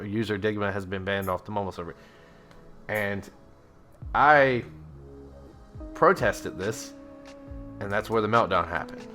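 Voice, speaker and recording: A man's voice: fairly low pitch, sharp tone. A young man telling an embarrassing story from his past in a candid, profane, self-mocking way. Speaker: YouTuber telling stories. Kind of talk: casual storytime narration.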